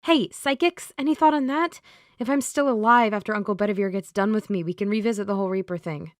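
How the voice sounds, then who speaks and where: A woman's voice: mid-range voice, fast, no echo, natural voice. An anxious young woman, as the narrator voices her, urgent and pleading. Her voice rises above the narration, close and dry.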